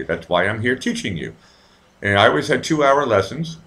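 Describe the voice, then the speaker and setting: A man's voice: lowish voice, expressive, a little fast, pushed and bright. A man hosting a live show, telling a story in a rambling, profane, casual way with many restarts.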